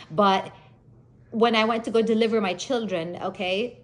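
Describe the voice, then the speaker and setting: Animated woman telling funny stories. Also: fairly low pitch, slight background noise. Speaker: vlogger. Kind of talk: casual storytelling chat.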